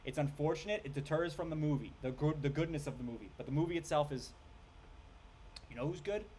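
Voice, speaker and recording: A man ranting casually about a film, rambling, swearing and tripping over names as he gets excited. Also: a little high, quick pace, slight background noise. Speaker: film reviewer. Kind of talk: casual rant review.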